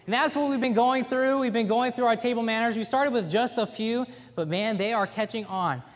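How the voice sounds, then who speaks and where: A man with a strikingly high voice delivers a folksy sermon, leaning hard on key words as he tells his stories. His voice rings through a church with a long, echoing reverb. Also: fairly quick. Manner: folksy storytelling with animated emphasis. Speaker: pastor. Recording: echoey church hall.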